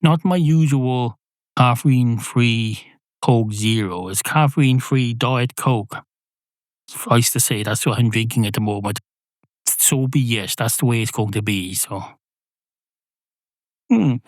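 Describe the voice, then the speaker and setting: A man hosting a podcast, delivering a rambling comic monologue in a digressive, deadpan, self-mocking way. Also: mid-range voice, measured pace, pauses often, no echo. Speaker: podcast host.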